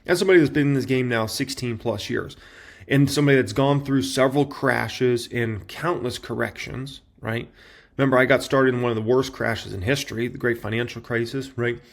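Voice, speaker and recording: A man in his thirties hosting an investing channel, talking straight to his viewers in an animated, casual way. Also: medium pitch, a little fast, gravelly. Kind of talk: casual reaction commentary.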